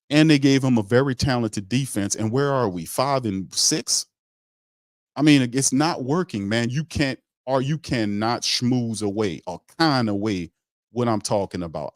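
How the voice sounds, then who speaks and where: A man's voice: lowish voice, no room sound, studio quality. A man hosting a sports talk show in a blunt, emphatic rant that repeats points for emphasis.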